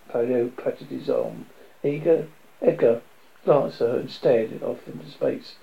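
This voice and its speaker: Gravelly man reading a novel aloud. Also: a little slow, narrow, tinny audio. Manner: reads with slips and restarts, lifts pitch for quoted speech. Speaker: reader.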